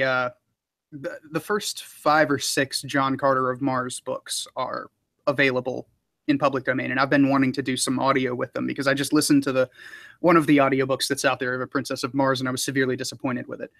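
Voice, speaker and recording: A man's voice: medium pitch, no room sound. Male narrator, mid-range voice, easygoing and rambling, dry close-miked sound. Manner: relaxed, rambling, frequent fillers and laughs. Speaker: audiobook narrator. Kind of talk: casual interview talk.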